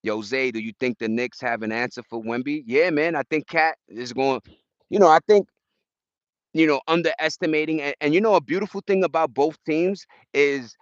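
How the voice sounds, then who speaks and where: A man's voice: a little high, moderate pace, dry recording, dull audio. A man hosting a casual livestream outdoors, chatting loosely with viewers in slang. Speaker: livestream host. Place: outdoors in a park.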